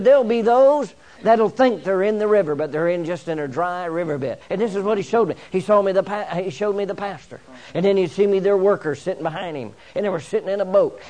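An older man preaching a sermon live in a church, repeating and restarting phrases as he builds to fervent near-shouting. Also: sits high.

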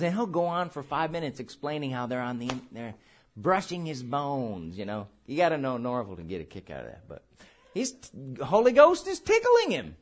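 A man preaching a charismatic sermon at a church service, laughing through his words in an animated, playful way. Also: a little high, normal speed.

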